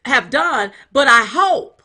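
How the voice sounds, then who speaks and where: A woman co-host with a high-pitched voice, talking in animated political chat. She is emphatic and folksy and fires off one rhetorical question after another. Her tone is bright and sharp. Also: slow. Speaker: co-host of a political commentary show.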